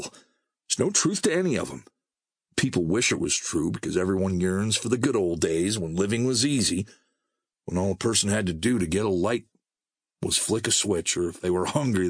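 A man's voice: deep voice, husky, dry recording, studio quality. A man voicing a sarcastic, hot-tempered young male wasteland scavenger, speaking in a snappy, bitter way.

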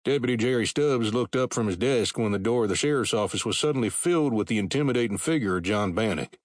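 A man reading a western novel aloud as narrator, steady and measured. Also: mid-range voice, no echo, studio quality. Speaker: audiobook narrator. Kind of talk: scripted narration.

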